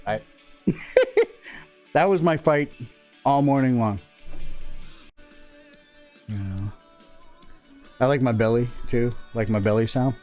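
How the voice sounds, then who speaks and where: A man's voice: medium pitch, slow, pauses often, mellow, faint music behind. A man hosting a casual live stream from a workshop, rambling and joking and laughing often.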